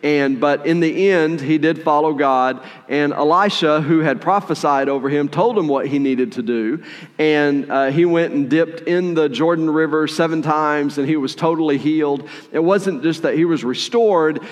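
A man preaching a sermon in a conversational, animated way, with playful asides while retelling a story. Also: a little high, moderate pace, big-room sound. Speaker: pastor.

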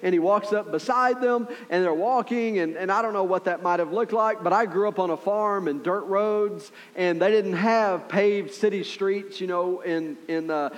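A man preaching a sermon as pastor, telling the story in an animated way with acted-out voices and asides to the congregation. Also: sits high, normal speed, few pauses, long reverb tail.

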